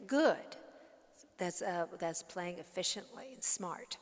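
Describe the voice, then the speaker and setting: A woman's voice: fairly low pitch, expressive, takes it slowly, in a large hall, over loud music. A woman teaching ukulele over a video call, patiently explaining step by step and humming and counting along. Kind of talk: online music lesson.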